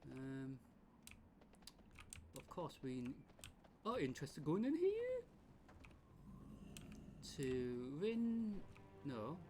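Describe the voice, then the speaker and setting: A man's voice: fairly high pitch, huge pitch swings, extremely slow, pauses often, a little mellow, slight background noise. A man casually commenting on a video game as he plays, chatty and rambling. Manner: chatty, rambling, laughs often. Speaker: game streamer. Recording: stream mic with game music.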